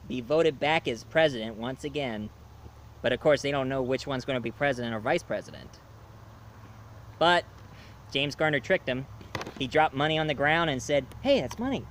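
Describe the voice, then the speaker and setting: A man's voice: medium pitch, a bit bright, slight background noise. A man giving a casual, rambling movie review full of fillers.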